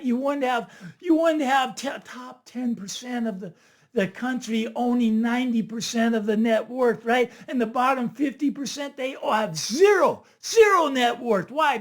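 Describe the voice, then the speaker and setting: A man hosting his own finance channel, talking to camera in a casual, animated monologue and tagging his points with "right?". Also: extremely high pitch. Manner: animated, chatty, keeps asking "right?". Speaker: finance video host.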